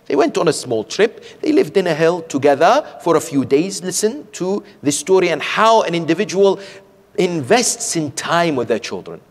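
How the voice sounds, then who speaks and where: With a fairly high pitch, big pitch swings and a moderate pace, a sheikh gives a sermon from a community centre hall pulpit. He weaves in stories and often asks the audience rhetorical questions, and long hall reverb fills the recording.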